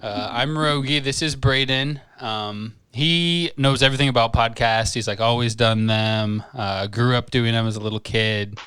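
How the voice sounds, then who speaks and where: Young man, podcast co-host, deadpan self-mocking banter, casual chat, dry room. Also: mid-range voice, normal speed, hardly any pauses, clean tone, dry recording.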